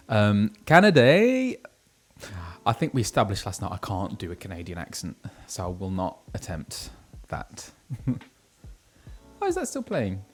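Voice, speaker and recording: A man livestreaming from his kitchen, chatting casually with viewers and reading out their messages, with plenty of ums. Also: mid-range voice. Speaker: livestreamer and voice actor. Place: his kitchen at home, indoors. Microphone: streaming setup with ring light.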